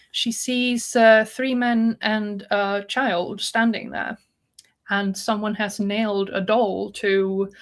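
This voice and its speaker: A woman co-hosting a book podcast, casually retelling a story's plot and acting out the characters' lines. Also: mid-range voice. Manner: retells the plot with acted-out quotes. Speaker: podcast co-host.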